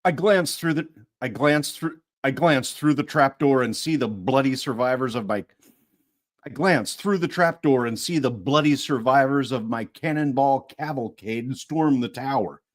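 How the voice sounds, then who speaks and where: A man's voice: medium pitch, normal speed. A man reading a first-person audiobook narration, restarting phrases to retake lines.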